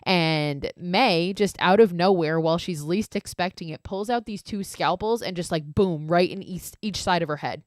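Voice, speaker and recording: A woman's voice: lowish voice, moderate pace, few pauses, no echo, studio quality. Chatty, swearing woman podcast host. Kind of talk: casual horror film recap.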